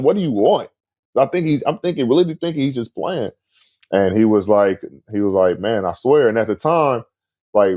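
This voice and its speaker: A man's voice: lowish voice, no echo. A man casually telling a story, acting out quoted dialogue with lots of "like" and "man". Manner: animated, acts out quoted dialogue, frequent "like" and "man". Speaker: guest recounting a story.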